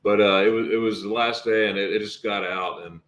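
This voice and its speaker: A man's voice: lowish voice, steady tone, a bit bright, reverberant. A man appearing as a guest on a casual livestream, telling a story and often repeating himself as he goes. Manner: storytelling, halting with many repeats.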